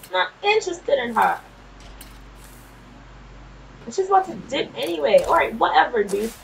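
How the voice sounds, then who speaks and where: A woman casually commenting on her gameplay, chatty and quick to swear, often laughing and talking back to the game's characters. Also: high voice, big pitch swings, vocal fry, a little hiss or hum, rough recording. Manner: nervous and jumpy in scary moments. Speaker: gameplay streamer. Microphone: desk microphone.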